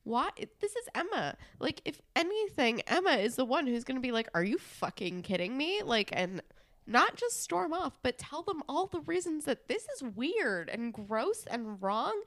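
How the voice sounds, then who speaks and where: Young woman cohost, bit higher voice, animated and sweary, giggly. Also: moderate pace. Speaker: podcast co-host. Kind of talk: casual recap chat.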